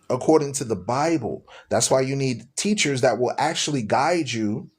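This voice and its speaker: A man hosting a live-streamed religious talk show, speaking to his listeners in a preachy, repetitive way. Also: mid-range voice. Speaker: radio show host.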